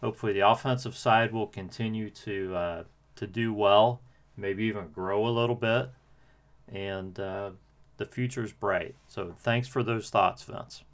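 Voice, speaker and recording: A man's voice: fairly low pitch, fairly even intonation, unhurried. A man hosting a podcast, commenting casually with frequent hesitations. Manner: hesitant, many fillers. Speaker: podcast host.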